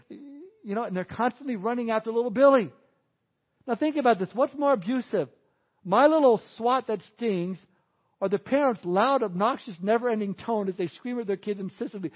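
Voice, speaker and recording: A man preaching a sermon as a pastor, animated, acting out quoted people in exaggerated voices. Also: very high voice, a little fast, highs cut off.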